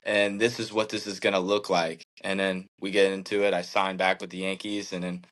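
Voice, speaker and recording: A man's voice: deep voice, level tone, fairly quick, a bit bright, poor audio. A man in his thirties, a professional athlete as interview guest, telling his story earnestly and reflectively, with many fillers like "like" and "man". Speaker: professional baseball pitcher, guest.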